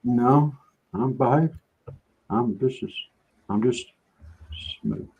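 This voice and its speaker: A man hosts a casual chat. He talks in an easygoing, folksy drawl and jokes around at a middle pitch. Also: very slow, breathy edge, narrow, tinny audio. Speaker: show host.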